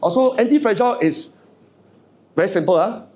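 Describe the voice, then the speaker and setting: A man's voice: high voice, animated, brisk, mellow. A man, giving a humorous motivational speech to a live audience, stammering and repeating words as he jokes and asks the crowd questions. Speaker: motivational speaker.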